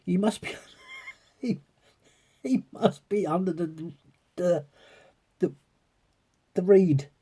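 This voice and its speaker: Man, coin vlogger, giggly, rambling, mellow husky voice. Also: high voice, takes it slowly, long pauses. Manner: giggly, keeps breaking into laughter; rambling, talking while peering through a magnifier. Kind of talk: casual chat to viewers.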